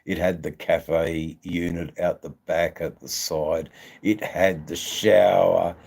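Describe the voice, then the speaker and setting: This Australian man hosts his own live stream, talking slowly in a deep, darkish voice with vocal fry and a flat delivery. His casual chat rambles along crudely and jokily, full of ums and laughs.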